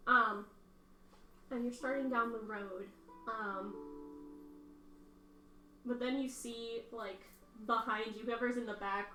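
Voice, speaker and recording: A woman narrating a tabletop game as game master, casual with lots of fillers. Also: medium pitch. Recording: roomy, far from mic, music.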